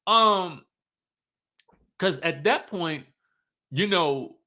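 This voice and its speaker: Man, high voice, casual gossipy recap, playful. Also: lively intonation, very slow, pushed and bright. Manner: sassy, playful, laughs often, quotes cast members. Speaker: show recap commentator.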